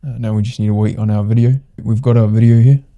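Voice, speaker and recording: Flat gravelly low-voiced man. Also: fast, phone-quality sound. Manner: easygoing, loose, thinking aloud as he types. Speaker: tutorial host. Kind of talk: casual screen-recorded software walkthrough.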